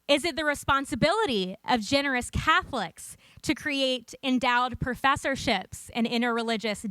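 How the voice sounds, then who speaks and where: A woman's voice: high voice, pushed and bright, no room sound. A young woman giving a prepared conference talk into a podium microphone, earnest and lightly humorous as she tells a personal story. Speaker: conference speaker. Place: conference room.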